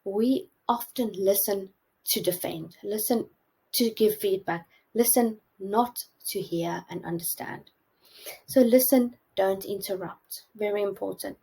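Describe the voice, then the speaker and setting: A woman's voice: medium pitch, measured pace, gravelly, warm tone, breathy edge, poor audio. A woman teaching a masterclass on relationships, giving earnest advice with frequent hesitations. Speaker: relationship coach presenting a masterclass. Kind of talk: instructional talk.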